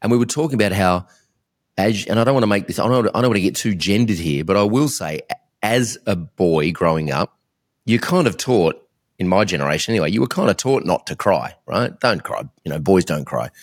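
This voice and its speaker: A man's voice: on the low side, animated, fairly quick. A man hosting a podcast interview, talking candidly and rambling in a self-reflective way. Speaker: podcast host.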